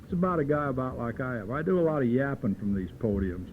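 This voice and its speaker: A man's voice: medium pitch, sing-song, fast. A man speaks at a recovery meeting in a folksy, wisecracking storytelling manner. His mid-range voice comes through a narrow, phone-like old tape recording. A faint hiss runs under it. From Southern California. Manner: folksy, joking, earthy storyteller. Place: meeting room at a podium.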